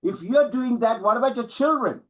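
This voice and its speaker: A man's voice: very high-pitched, normal speed, highs cut off. A middle-aged man giving an emphatic motivational talk to an audience as a business coach, full of rhetorical questions.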